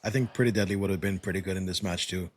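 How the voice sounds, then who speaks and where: A man's voice: low-pitched, steady tone, rapid-fire, breathy edge. A man co-hosting a wrestling podcast in casual chat, slangy, saying bro and dude, telling stories with animation. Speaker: podcast co-host.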